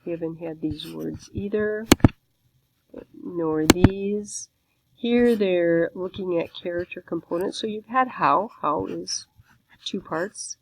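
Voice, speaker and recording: A woman's voice: on the low side, creaky, a little hiss or hum, poor audio. Patient woman teaching a language lesson. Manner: patient, explanatory, unhurried. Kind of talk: walking through a textbook lesson.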